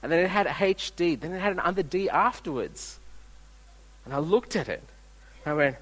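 Pastor preaching in a reverberant hall. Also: male voice, on the high side, expressive, moderate pace, long pauses, a bit bright. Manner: conversational, storytelling with frequent restarts. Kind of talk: sermon. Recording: long reverb of a large hall.

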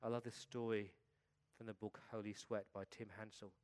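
A middle-aged man, a pastor, preaching a sermon in an earnest way, often dropping his voice softly at the ends of his points. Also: fairly low pitch, little pitch movement, moderate pace.

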